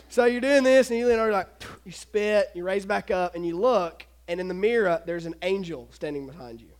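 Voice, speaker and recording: A man giving a casual, animated youth sermon, retelling a story and acting out the voices of the people in it. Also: sits high, fairly quick, hardly any pauses. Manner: animated, acts out voices, laughs often.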